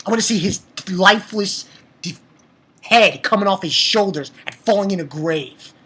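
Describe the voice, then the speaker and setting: A man's voice: high-pitched, normal speed, bright, forceful tone, breathy edge. A man recapping an anime episode in a casual, rambling way, breaking into profane angry outbursts. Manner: profane, angry outbursts between plot summary; rambling with fillers and restarts. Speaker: anime reviewer.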